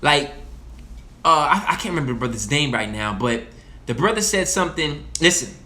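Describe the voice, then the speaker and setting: A man's voice: fairly high pitch, animated, moderate pace, sharp tone. A young man of Haitian heritage giving a passionate, profane monologue that repeats its points. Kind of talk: casual monologue.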